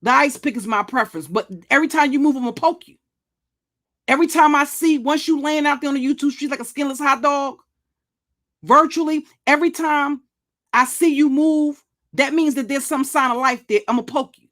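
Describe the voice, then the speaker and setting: Older woman, pitch a bit high, profane, threatening, restarts and stammers. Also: a little fast, a bit bright. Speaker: YouTube commentary channel host. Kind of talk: blunt monologue vlog.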